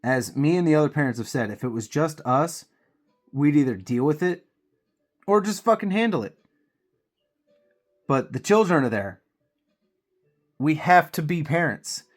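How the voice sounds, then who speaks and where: A man's voice: a little high, animated, a little slow, long pauses, soft background music. A man with a cold, venting heatedly and profanely while he paints miniatures on his channel. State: congested with a cold.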